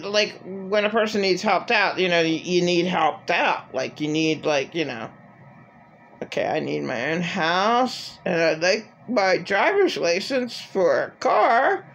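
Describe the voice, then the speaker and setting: A woman's voice: mid-range voice, expressive, a little slow, fairly bright tone, lo-fi sound. A middle-aged woman talking in an agitated, rambling personal monologue full of filler words. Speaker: vlogger.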